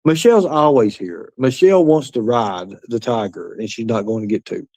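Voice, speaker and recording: A man's voice: medium pitch, normal speed, warm tone, no room sound. Rambling, profane man on a livestream. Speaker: livestream host. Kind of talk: livestream talk reading chat.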